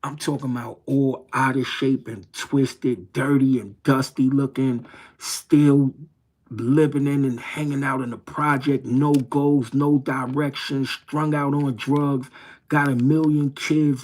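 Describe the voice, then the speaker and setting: A man's voice: medium pitch, fairly even intonation, slow pace, a little mellow. A middle-aged man from New York City telling a personal story on a livestream, in a rambling, streetwise way that repeats its phrases. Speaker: livestream host. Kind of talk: casual storytelling.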